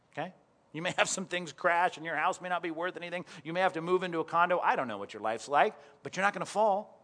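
Man, middle-aged, pastor, sermon, somewhat high-pitched, conversational storytelling, direct questions to listeners. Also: a bit bright.

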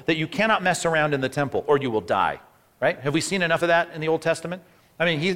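A man preaching a sermon, animated and asking rhetorical questions, acting out the people in the story. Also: fairly high pitch. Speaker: pastor.

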